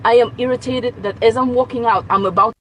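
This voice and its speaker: A woman's voice: fairly high pitch, steady tone, fairly quick, a bit bright, a little hiss or hum, low-quality recording. Exasperated woman ranting in a car. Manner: exasperated, swearing, rising to outbursts. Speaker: nail tech venting as a customer. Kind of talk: casual rant to phone camera.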